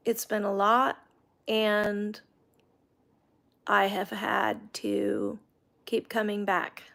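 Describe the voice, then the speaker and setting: A woman's voice: mid-range voice, creaky. A middle-aged woman hosting a casual livestream chat, reading viewer comments aloud and talking about her faith. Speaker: livestream host.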